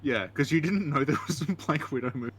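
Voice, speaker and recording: A man's voice: on the high side, fast talker, husky. A man joking and teasing casually while watching a friend play a game. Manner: teasing, jokey banter. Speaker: co-host. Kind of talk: casual let's-play chat.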